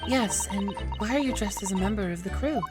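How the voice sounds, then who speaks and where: A woman voicing a gentle, polite young female assistant in a game, speaking softly. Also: medium pitch, a little fast, over music, lightly acted.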